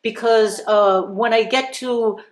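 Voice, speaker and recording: A woman's voice: on the high side, fairly even intonation, takes it slowly. Encouraging woman voice teacher, roomy sound. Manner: encouraging, demonstrative, sings vowel examples. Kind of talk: live group voice lesson.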